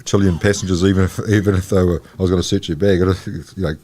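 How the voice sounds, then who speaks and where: A man's voice: low voice, flat delivery, fast, dark tone. An older man, a guest in a casual chat, telling rambling anecdotes about his old job.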